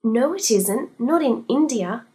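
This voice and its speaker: Woman reader playing a high, huskily breathy, gushing plump lady in an audio storybook. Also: animated, a little slow, dark tone, heavily acted. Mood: fussy. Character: fussy, dramatic plump lady, snake owner.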